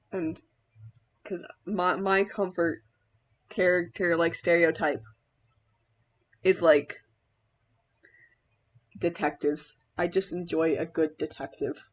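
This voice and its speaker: A woman's voice: lowish voice, dull audio. A young woman chatting casually in a vlog while styling a cosplay wig, rambling with many filler words and laughing mid-sentence.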